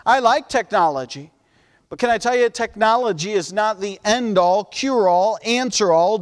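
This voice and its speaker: A man preaching a sermon as pastor, fervent and pleading, at times dropping his voice to a soft, intense hush. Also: sits high, long reverb tail.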